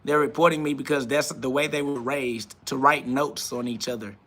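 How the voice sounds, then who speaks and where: A man's voice: medium pitch, fairly even intonation, moderate pace, a bit bright. A man hosting a live stream, ranting combatively and profanely while answering chat comments.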